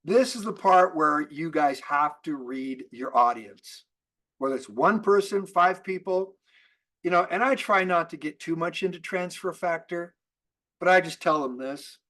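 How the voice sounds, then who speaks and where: A man giving an energetic business training talk to a sales team, asking rhetorical questions and often restarting his sentences. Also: fairly high pitch, a little slow. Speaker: network marketing trainer.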